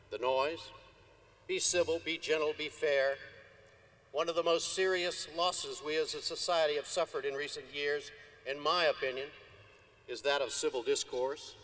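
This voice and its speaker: A man in his sixties giving a measured, earnest commencement address at a podium microphone. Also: fairly high pitch, a bit bright. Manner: measured, earnest, deliberate delivery. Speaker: commencement speaker. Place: outdoor stadium ceremony. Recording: archival video, faint background noise.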